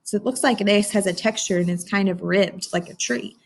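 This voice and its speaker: Speaking at medium pitch and a fairly quick pace, a teacher reads a phonics lesson aloud to little kids. She cheers them on in a sing-song way and addresses them as though they might reply.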